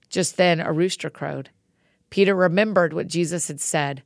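A woman host reading scripture expressively and praying in a soft, informal way. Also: fairly low pitch, steady tone, normal speed, gravelly, no room sound, studio quality. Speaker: Bible reading podcast host. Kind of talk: scripture reading and spoken prayer.

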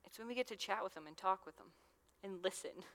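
A woman's voice: medium pitch, fast, gravelly, fairly bright tone. A young adult woman giving a casual, conversational sermon as a youth minister, with lots of fillers. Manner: chatty, conversational, with many fillers. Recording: long hall reverb.

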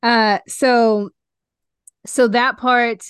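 A woman's voice: a little high, little pitch movement, drawn-out words, fairly bright tone, clear, resonant tone, no echo, clean studio sound. A middle-aged woman co-hosting a podcast, chatting animatedly about a film and often trailing off and restarting. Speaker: podcast co-host. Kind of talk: casual chat reviewing a film.

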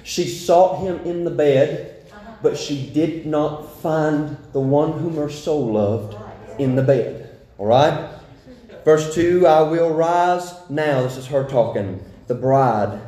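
A man preaching a sermon, fervent and a little out of breath, reading scripture slowly. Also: on the high side, warm tone. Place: church sanctuary. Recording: echoey church with congregation.

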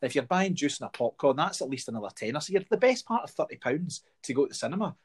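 A Scottish man in casual conversation who tells lively anecdotes and acts out other people's voices along the way. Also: on the high side, fast talker, slightly rough. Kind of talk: casual chat.

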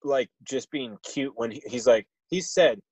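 A man's voice: mid-range voice, measured pace, a little mellow, husky, no echo. A man in his thirties co-hosting a casual podcast, laid-back and joking. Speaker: podcast co-host. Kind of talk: casual chat.

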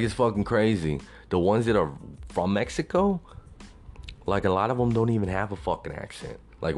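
A young man from Texas, ranting bluntly and profanely in a casual venting monologue. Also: deep voice. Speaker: vlogger.

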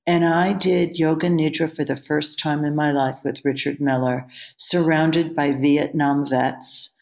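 A woman's voice: low-pitched, fairly even intonation, measured pace, creaky, few pauses. A woman, a yoga teacher, telling a candid personal story as an interview guest. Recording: roomy echo.

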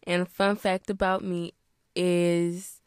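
Fourteen-year-old girl joking deadpan. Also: lowish voice, takes it slowly, clean tone, dry recording, studio quality. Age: teens. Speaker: podcast guest. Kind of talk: casual teen podcast chat.

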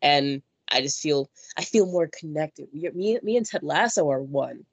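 A woman in casual conversation, animated, slipping into playful voices when she quotes someone. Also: low-pitched, normal speed, husky, no room sound, rough recording. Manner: animated, jumps into mock voices when quoting. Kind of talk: casual chat.

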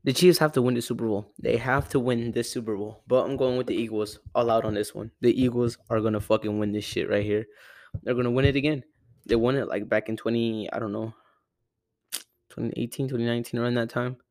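A man's voice: mid-range voice, steady tone, fairly quick, darkish tone, dry recording. Young guy from Arizona, loose and profane, self-correcting sports rant, dead-dry close mic. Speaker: sports podcaster. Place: home room with a cat. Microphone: close desk mic.

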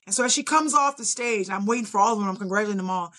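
A middle-aged bodybuilder, a woman, guests on a podcast and races through her story in a mid-range voice. She keeps it casual and animated, acting out the ways she reacted.

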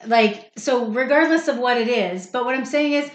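A woman's voice: on the high side, normal speed. Hesitant Canadian woman, echoey room. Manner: hesitant, circling restarts. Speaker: podcast co-host. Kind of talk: casual podcast chat.

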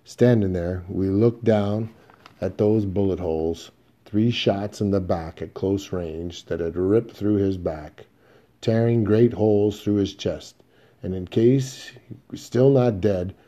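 A man narrating a western audiobook in the first person, in a steady, measured storytelling manner. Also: deep voice.

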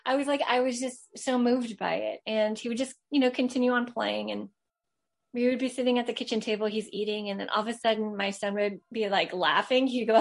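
A woman's voice: mid-range voice, fairly quick, gravelly. A woman in her thirties from Los Angeles, telling a personal story in a chatty way, full of fillers and restarts. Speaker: caller telling a true ghost story. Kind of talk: casual storytelling.

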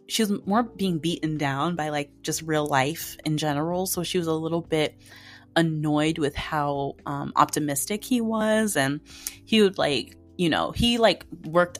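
Chatty, excitable woman with a lowish voice. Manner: chatty and excitable, heavy use of "like". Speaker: podcast host reviewing dramas. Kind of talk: casual podcast chat.

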